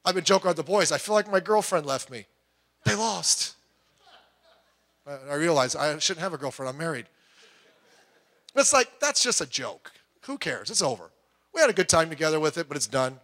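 A middle-aged man preaching a sermon, emphatic, swinging between loud urging and quiet asides. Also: a little high, big pitch swings, moderate pace, long pauses. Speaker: pastor.

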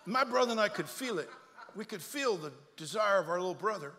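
A male pastor delivers a comic sermon, full of stories, repeated words and acted-out voices. His voice is high and bright with a cutting edge. Long church reverb trails every phrase. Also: brisk. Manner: energetic, jokey, repeats words and acts out voices. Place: church sanctuary.

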